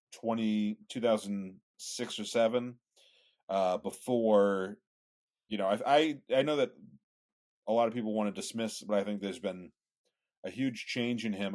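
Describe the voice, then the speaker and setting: Low-voiced man in opinionated chat. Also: a little mellow. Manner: opinionated, rambling explanations. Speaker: podcast co-host. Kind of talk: casual political chat.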